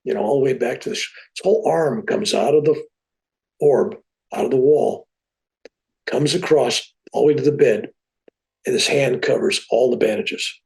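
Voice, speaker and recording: Gravelly-voiced man telling a story. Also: medium pitch, normal speed, rough recording. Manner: animated, with a relaxed plain-spoken delivery. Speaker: podcast guest. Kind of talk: casual spoken storytelling.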